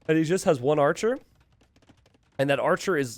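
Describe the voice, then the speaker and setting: A man casts a live strategy game from his home streaming setup, talking through each play as it unfolds. His pitch swings widely and he breaks off for quick asides to his chat. The close desk mic keeps the sound dry and free of room echo. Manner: animated, thinking aloud, quick asides to chat. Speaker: game caster.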